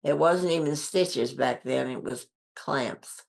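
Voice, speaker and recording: A woman's voice: deep voice, slow pace, gravelly. An older woman telling a personal story as a guest in an interview, earnest and emphatic, acting out what others said with a lifted voice and repeating phrases for effect. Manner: earnest, acts out quoted dialogue with lifted voice.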